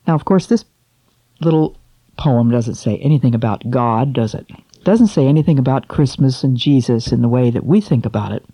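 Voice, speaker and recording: A woman reading a poem aloud to children, then drawing a moral, slow and expressive, asking her listeners questions. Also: rumbling low, slightly rough, no echo. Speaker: storyteller for children.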